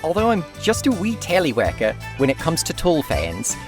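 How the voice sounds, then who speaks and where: A podcast host doing a put-on New Zealand accent to read a listener's email aloud, hammy and playful. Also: male voice, a little high, wildly swooping pitch, normal speed, over music, voice pushed up.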